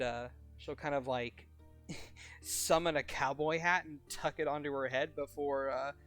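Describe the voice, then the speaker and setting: Guy running a tabletop game, rambly and casual, mid-pitched, faint music under him. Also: a bit bright. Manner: rambling, casual narration with fillers. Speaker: game master.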